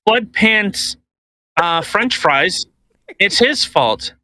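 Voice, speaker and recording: A man hosts a casual podcast, rambling and joking as he repeats and restarts phrases. His voice sits high and bright. He talks at an unhurried pace. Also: expressive. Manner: rambling, stammering, jokey. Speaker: podcast host. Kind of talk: casual chat.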